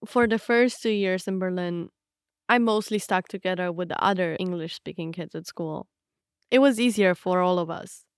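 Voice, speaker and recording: A young woman from Romania, a native Romanian speaker, giving a reflective, measured scripted narration of her own story. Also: on the low side, smooth, dry recording, studio quality.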